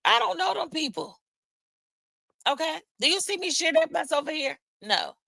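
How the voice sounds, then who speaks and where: A woman's voice: sits high, animated, normal speed, creaky, pushed and bright, no room sound, rough recording. A woman hosting a live stream, chatting casually with viewers in a loose, profane way with laughing asides. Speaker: livestream host.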